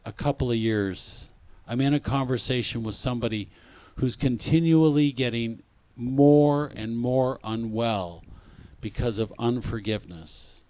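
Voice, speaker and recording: A man giving a spiritual talk at a conference, speaking gently and reflectively and often repeating his phrases. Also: mid-range voice, measured pace.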